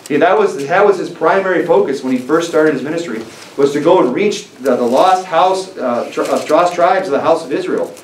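Male preacher, emphatic sermon, fillers and restarts, higher voice, echoey church, distant mic. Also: a little fast. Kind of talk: sermon with scripture reading. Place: church sanctuary. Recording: echoey church recording from afar, faint noise.

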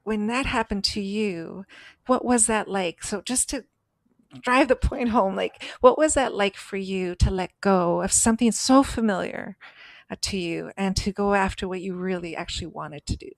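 A woman's voice: mid-range voice, normal speed, creaky, no echo. A woman co-hosting a podcast, telling a personal story in an earnest, emphatic way. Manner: earnest, emphatic, acts out voices in stories. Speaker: podcast co-host.

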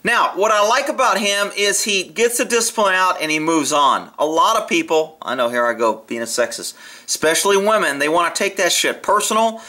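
Brief: male video commentator, high and bright, blunt and profane, casual opinionated delivery. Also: expressive, a little fast. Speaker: video commentator on horse training.

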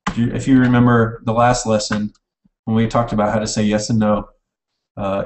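A man's voice: fairly low pitch, monotone, moderate pace, long pauses, slight background noise. A man giving an informal recorded language lecture, speaking casually and correcting himself as he goes while typing. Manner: casual, self-correcting, types while explaining. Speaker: online language teacher. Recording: echoey room, mic at a distance.

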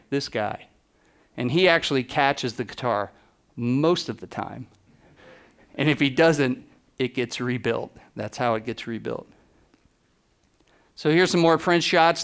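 A man giving a conference keynote, telling stories in a casual, animated way, full of fillers and acted-out quotes. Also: fairly high pitch. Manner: animated storytelling, acts out quotes with voice drops; casual, many "like" and "you know" fillers. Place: conference stage before an audience.

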